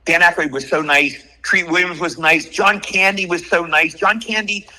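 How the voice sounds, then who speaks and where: A man in his sixties, an actor guest in a casual interview, telling lively anecdotes and putting on voices for quotes. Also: high-pitched, normal speed, poor audio.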